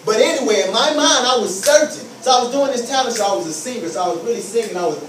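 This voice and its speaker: A man's voice: very high voice, fast talker, roomy sound, recorded from a distance, background noise. A man giving an emphatic motivational talk to students, repeating key phrases and acting out scenes. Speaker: motivational speaker.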